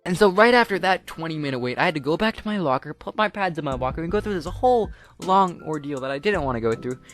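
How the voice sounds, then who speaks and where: A man's voice: a little high, expressive, quick pace, fairly bright tone, faint music behind. A teenage boy telling a casual storytime tale, rambling along with lots of filler words. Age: teens. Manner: rambling, full of "like" and "you know" fillers. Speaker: vlogger.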